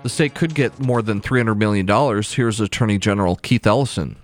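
A man reading a radio newscast from the studio in a steady, clipped news delivery. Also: fairly low pitch, a little fast, soft background music. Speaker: news anchor. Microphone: studio mic.

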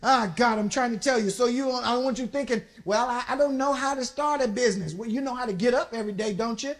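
A woman preaching a sermon in an emphatic call-and-response style, building up to shouts. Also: fairly high pitch, fast.

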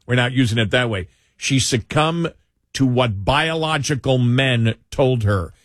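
A man's voice: mid-range voice, unhurried, no echo, studio quality. A man co-hosting a talk show, talking in an emphatic, opinionated way and repeating himself for effect. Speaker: co-host.

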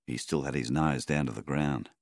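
A man narrating a novel in a measured, unhurried way. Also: rumbling low, dry recording, studio quality. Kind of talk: audiobook narration.

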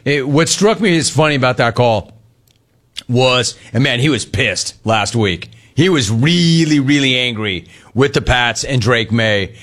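A man's voice: mid-range voice, expressive, measured pace, a bit bright. A middle-aged man hosting a sports talk radio show, riffing sarcastically on callers and the news.

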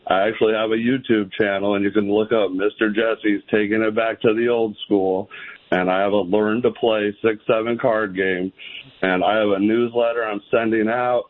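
A man's voice: on the low side, fairly even intonation, normal speed. A male caller to a radio show, talking in an enthusiastic, gushing way. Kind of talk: call-in radio chat. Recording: phone line.

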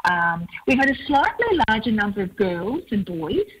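Husky-voiced woman speaking in a news clip. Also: mid-range voice, big pitch swings, normal speed, rough recording. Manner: hesitant, with fillers. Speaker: interviewee in news report. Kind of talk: spoken report clip.

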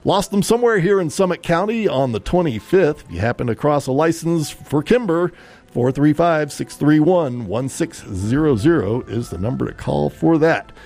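A man hosting a local radio music show, chatting and reading out announcements, with phone numbers read slowly. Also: fairly high pitch, lively intonation, darkish tone. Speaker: radio host. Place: radio studio.

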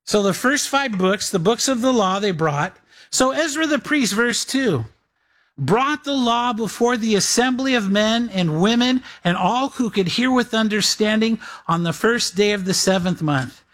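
A man's voice: high voice, fairly bright tone. A man preaching a sermon, reading scripture aloud and acting out his listeners' objections. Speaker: pastor.

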